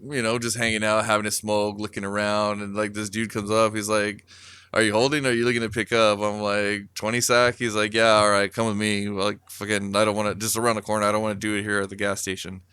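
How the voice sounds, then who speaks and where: A man's voice: lowish voice, little pitch movement, fast talker, pushed and bright, smooth, dry recording. A man co-hosting a podcast, telling a rambling story casually with lots of swearing and filler words. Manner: rambling, profane, many fillers. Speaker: podcast co-host.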